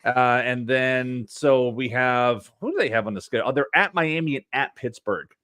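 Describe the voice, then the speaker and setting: A man's voice: medium pitch, normal speed, a bit bright, dry recording. A man co-hosting a fantasy baseball podcast, talking in a sarcastic, rambling way. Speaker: podcast co-host. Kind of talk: casual podcast chat.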